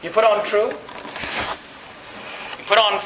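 A man's voice: sits high, fairly even intonation, slow, a bit bright, reverberant, dull audio, a little hiss or hum. A man pastor preaching a sermon, asking the congregation rhetorical questions and building emphasis. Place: church sanctuary.

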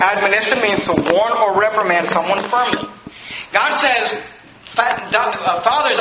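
A pastor preaching in a high, strained voice, swinging from shouted exhortation to quick conversational asides. The sound bounces around a roomy sanctuary, with steady noise in the background. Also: male voice. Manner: fiery preaching, shouting at peaks then dropping to asides. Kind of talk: sermon. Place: church sanctuary. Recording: echoey hall, noisy.

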